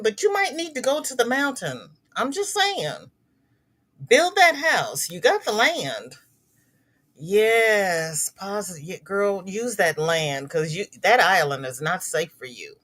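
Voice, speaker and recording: A woman's voice: on the low side, a bit bright. A middle-aged woman hosting a crochet livestream, chatting casually with viewers and reading their comments, sympathetic and prone to repeating words.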